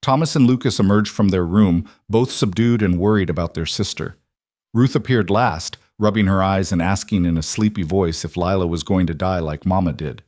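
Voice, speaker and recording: A man narrating a scripted western story in a calm, measured way. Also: low-pitched, no echo, clean studio sound.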